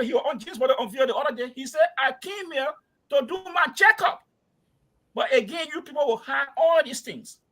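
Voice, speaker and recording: Liberian guy arguing hard on a panel, high bright voice, kinda husky. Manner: forceful, interrupting, rising to loud questions. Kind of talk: heated panel debate.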